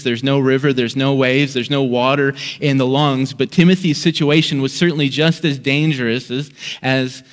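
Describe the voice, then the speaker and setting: A man pastor preaching a sermon, telling a story dramatically, dropping to a hush and then raising his voice. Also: on the high side, long reverb tail. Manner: dramatic storytelling that swings between hushed and raised lines.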